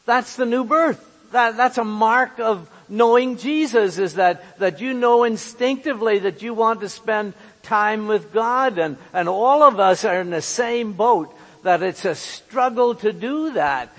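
A man's voice: sits high, a little slow, few pauses, fairly bright tone, long reverb tail. A man pastor giving an earnest sermon, often repeating words as he searches for the next one. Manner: earnest, repeats words while finding them.

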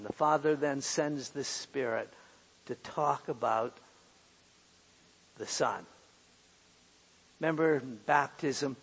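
A man's voice: medium pitch, fairly bright tone, slightly rough. A man preaching a sermon in an earnest way, repeating key phrases for emphasis. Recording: long hall reverb.

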